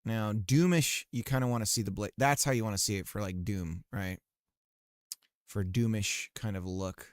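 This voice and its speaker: A man's voice: fairly low pitch, normal speed, no echo, clean studio sound. A man developing a game on a live stream, thinking aloud and chatting casually with his viewers, often trailing off mid-sentence. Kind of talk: casual live-stream commentary while coding.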